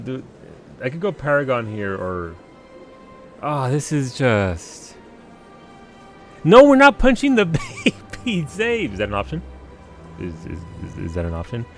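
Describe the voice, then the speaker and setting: A man casually commenting on a game during a live stream. His voice moves a lot in pitch, and he laughs and stammers through his sentences. Soft music plays faintly behind him. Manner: animated, laughing, stammering restarts.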